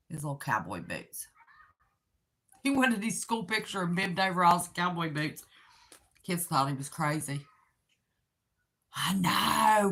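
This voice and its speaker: A woman's voice: fairly low pitch, fairly bright tone. A tired, chatty middle-aged woman from Southern West Virginia with her own accent, rambling through a casual livestream and reading viewer comments aloud. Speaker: livestream host.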